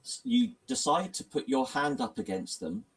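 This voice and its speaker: A man's voice: a little high, wildly swooping pitch, moderate pace, creaky, recorded from a distance. A man running a tabletop horror game as game master, often hesitating and restarting sentences.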